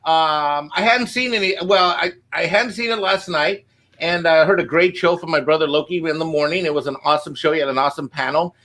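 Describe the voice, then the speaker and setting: On a panel show, a man with a fairly high, bright, forceful voice launches into a brisk, heated fan rant. He's a bit tipsy from drinking, angry and swearing, and keeps repeating himself, especially "you know what."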